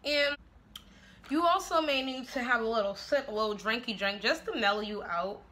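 Filming a casual get-ready-with-me vlog at home, a woman does her makeup and makes dinner, swearing brashly and often breaking into laughter. Her voice is fairly high and pushed bright, at a normal speed.

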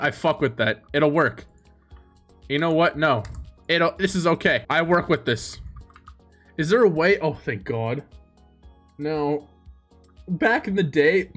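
A young man giving casual, profane gaming commentary in an excitable way, breaking into loud laughter. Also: a little high. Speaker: streamer.

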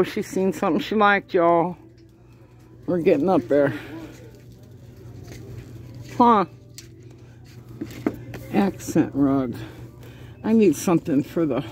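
A shopping vlogger talks casually to her viewers as she browses a large store, chuckling often, filmed on a handheld phone. Her voice sits low and comes out a little mellow, slow, with long pauses. A faint hiss or hum runs underneath.

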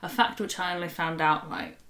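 A woman's voice: sits low, very animated, a little fast, a bit bright, reverberant. A young woman co-hosting a book readalong, chatting in a playful, joking way. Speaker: co-host of a book readalong channel. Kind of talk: casual chat.

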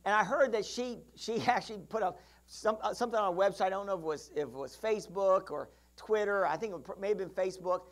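A preacher delivering a sermon in a lively storytelling manner, acting out characters as the story unfolds. The voice sits at a middle pitch and keeps calling out to the congregation for answers, often restarting phrases and adding asides along the way. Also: fast talker. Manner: calls out to the congregation for responses. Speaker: pastor.

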